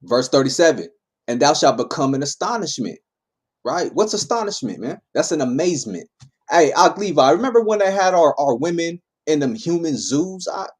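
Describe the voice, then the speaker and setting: A man leading a Bible class, reading verses and explaining them in a relaxed, conversational way. He keeps checking in with his listeners by tagging his lines with "man" and "right?". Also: fairly high pitch, moderate pace, breathy edge. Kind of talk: informal scripture teaching.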